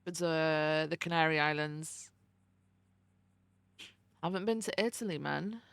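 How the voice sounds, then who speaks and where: A woman's voice: low voice, unhurried, creaky, a bit bright, smooth, no room sound. A young adult woman streamer chatting casually with her viewers, greeting them by name and swearing freely. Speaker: livestreamer.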